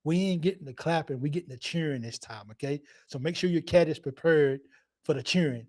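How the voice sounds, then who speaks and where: A man's voice: on the high side, brisk, darkish tone. A man hosting a live fan show, chatting casually and rambling, repeating himself and laughing often. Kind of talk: casual live-stream chat.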